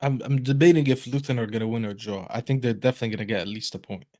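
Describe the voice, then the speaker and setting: A man's voice: medium pitch, very fast, warm tone, no room sound. Easygoing man, dry close sound. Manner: easygoing, thinks aloud. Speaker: co-host, streamer. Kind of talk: casual football chat.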